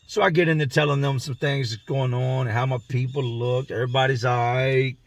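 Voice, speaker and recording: A man's voice: medium pitch, steady tone, fairly quick, gravelly, no echo. A man telling a story casually in slangy speech from inside a car, acting out the voices of the people in it. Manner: slangy, conversational, acts out the voices in his story. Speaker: vlogger telling a prison story.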